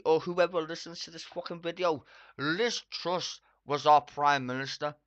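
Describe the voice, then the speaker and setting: A streamer delivering an angry, profane reaction rant at their computer, swearing constantly and breaking into loud outbursts. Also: mid-range voice, steady tone, normal speed, no room sound, dull audio. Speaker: streamer reacting to a debate clip. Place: at a home computer.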